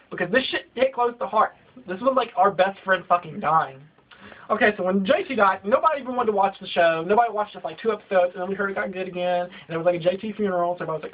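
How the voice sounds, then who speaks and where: A man's voice: sits high, fast talker. A young man in his late teens, ranting in a comedic vlog with lots of profanity and exaggeration. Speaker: vlogger. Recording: dull lo-fi home video audio.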